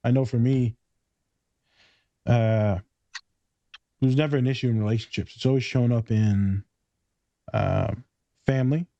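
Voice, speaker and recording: A man's voice: mid-range voice, fairly even intonation, a little slow, creaky, pauses often, mellow, no room sound. A man hosting a casual podcast chat, telling stories bluntly and swearing freely. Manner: blunt, profane storytelling. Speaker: podcast host. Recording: slightly dull lo-fi recording.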